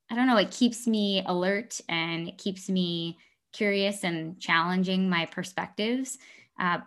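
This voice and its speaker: A woman's voice: fairly low pitch, a bit bright. A woman in her thirties co-hosting a podcast, chatting casually and reflectively, with frequent restarts. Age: 30s. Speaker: podcast host. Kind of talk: casual chat.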